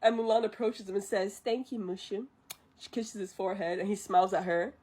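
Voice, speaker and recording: A woman vtuber retelling a movie on a live stream, chatty and animated with frequent laughs. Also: medium pitch.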